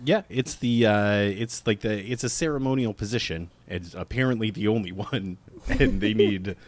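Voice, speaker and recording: A man's voice: lowish voice, normal speed. A man co-hosting a podcast, talking about a movie with dry, sardonic, emphatic complaints. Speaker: podcast co-host. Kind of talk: casual movie recap chat.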